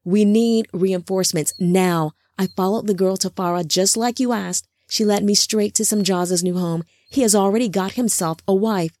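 A woman's voice: mid-range voice, moderate pace, hardly any pauses, a little mellow, no room sound, lightly acted. A woman voicing an impatient, headstrong male angel scout who speaks insistently, in a storybook reading.

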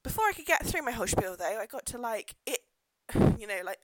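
This pregnant pub landlady has a highish, sing-song voice and talks a little fast on her casual solo podcast, ranting, laughing and swearing at times. Heavy background noise sits under the close, dry sound of her podcast microphone, and she sometimes turns away from it.

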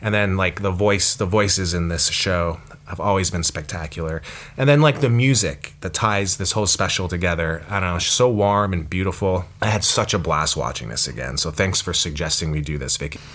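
Brief: low-voiced man, bright tone, casual rambling podcast co-host. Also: fairly quick. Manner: rambling, lots of "like", swears. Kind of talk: casual chat.

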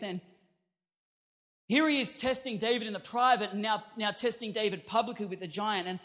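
A male pastor delivering an energetic sermon with a very high, bright, forceful voice. He speaks emphatically and punchily, calling out to the congregation as he preaches. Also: moderate pace.

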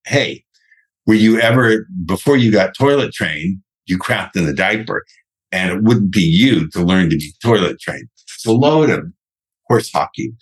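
Man, very deep voice, husky, blunt, swears freely, sales podcast guest. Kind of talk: podcast interview.

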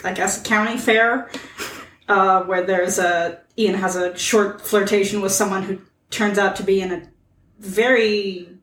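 A woman's voice: mid-range voice, steady tone, unhurried, a bit bright, echoey room, recorded from a distance, a little hiss or hum, rough recording. A woman co-hosting a podcast, recapping a movie with hesitant, amused hedging. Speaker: podcast co-host. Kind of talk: casual chat, summarizing a film plot.

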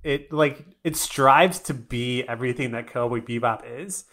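A man's voice: medium pitch, normal speed, fairly bright tone. A man co-hosting a casual podcast chat, blunt, profane and opinionated. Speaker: podcast co-host.

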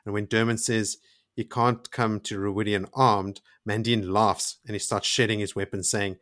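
Male podcast co-host, somewhat low pitch, eager and chatty while recapping a novel. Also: fairly even intonation, normal speed, a bit bright. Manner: enthusiastic, retelling the story with emphatic asides. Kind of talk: casual book discussion.

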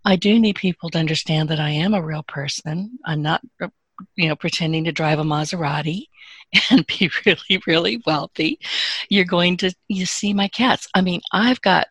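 A woman's voice: lowish voice, moderate pace, fairly bright tone, breathy edge, dry recording. A woman, a podcast guest who gives business advice in a frank, emphatic and joking way. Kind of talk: casual interview advice.

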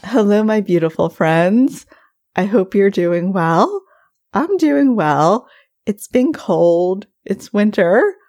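A woman in her forties hosting a solo podcast, telling stories in a warm, chatty way. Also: mid-range voice, lively intonation, takes it slowly, soft background music. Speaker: podcast host. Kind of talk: casual solo podcast talk.

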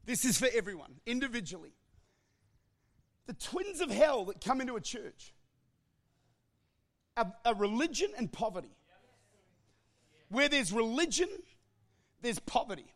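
High-voiced preacher, impassioned. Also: male voice, sing-song, a little slow, long pauses. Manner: impassioned preaching, often shouting, with joking asides. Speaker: pastor. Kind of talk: sermon.

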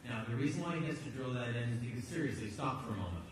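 Emphatic pastor in an echoey hall. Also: male voice, medium pitch, lively intonation, racing, slight background noise. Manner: conversational, emphatic, repeats words. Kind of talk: sermon. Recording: echoey hall, distant mic.

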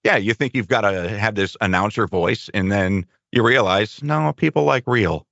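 A man's voice: on the low side, normal speed, creaky, fairly bright tone, dry recording. Easygoing middle-aged man, dry muffled sound. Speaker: radio host, co-host. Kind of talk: casual chat.

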